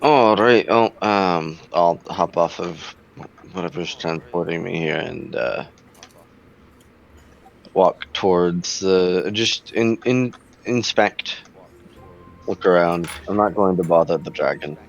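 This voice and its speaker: A man with a very low voice plays a tabletop game, speaking casually and with some hesitation. His audio comes through a dull, lo-fi microphone. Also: takes it slowly, gravelly. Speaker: player. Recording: dull lo-fi mic.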